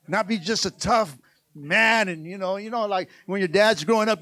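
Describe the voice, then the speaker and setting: A male pastor preaching a sermon, calling out to the congregation and swinging between rousing exhortation and soft, hushed passages. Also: sits high, animated, brisk, dry recording. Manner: calls out to the church.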